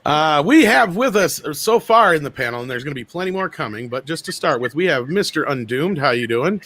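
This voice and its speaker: A man's voice: on the high side, lively intonation, a little fast, a bit bright. A man co-hosting a livestream, making joking, announcer-style introductions over a video call. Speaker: co-host and editor. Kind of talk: casual livestream chat.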